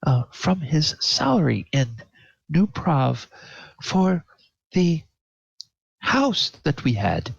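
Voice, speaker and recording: A man voicing a resentful young townsperson, speaking in a hushed, halting way. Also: wildly swooping pitch, gravelly, slightly rough, no room sound, exaggerated voice. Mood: bitter, hushed. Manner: hushed, halting, rising pitch. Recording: dull lo-fi audio.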